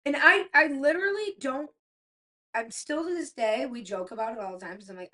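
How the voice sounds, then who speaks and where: A middle-aged woman co-hosting a podcast, telling stories in casual chat, animated and swearing freely as she acts out quotes. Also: high voice, fairly quick. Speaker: podcast co-host.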